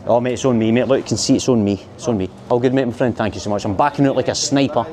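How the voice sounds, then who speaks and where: A man's voice: mid-range voice, rapid-fire, a little mellow, slight background noise. A Scottish man vlogging a night walk through a city street, chatty and self-mocking, recorded on a handheld camera mic. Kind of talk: walking-tour vlog narration.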